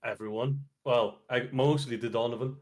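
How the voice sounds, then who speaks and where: A man's voice: medium pitch, steady tone, moderate pace, a little mellow. A man playing a tabletop game, explaining what he meant in character. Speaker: player. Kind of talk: casual game chat.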